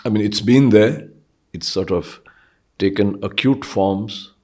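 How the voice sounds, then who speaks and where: A man, speaking as an interview guest in a thoughtful, hesitant way with many pauses and fillers. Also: on the low side, darkish tone. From India. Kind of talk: reflective interview conversation.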